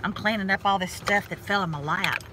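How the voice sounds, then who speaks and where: A medium-pitched woman talking a little fast, she has a North Georgia Southern accent and keeps things folksy and self-mocking. She's vlogging casually while driving, her phone or camera on the sun visor picking up light road and car noise.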